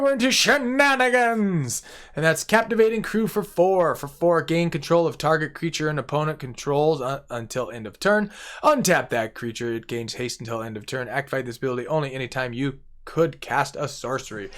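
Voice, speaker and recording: Playful man with a higher voice. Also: fairly bright tone, smooth. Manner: playful, gleeful, repeats words for effect. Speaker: card game deck reviewer. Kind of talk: casual deck walkthrough.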